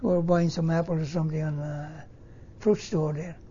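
An older man from Northern Italy, native Italian, speaking English with an Italian accent and halting, broken phrasing, telling his life story in an interview. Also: a little high, fairly even intonation, warm tone, lo-fi sound, slight background noise. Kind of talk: oral history interview.

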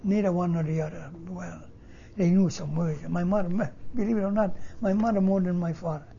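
Older italian guy, broken english, mellow lowish voice, dull old tape. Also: fairly even intonation, creaky, slight background noise. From Northern Italy. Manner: halting, broken-English phrasing. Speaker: interviewee. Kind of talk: oral history interview.

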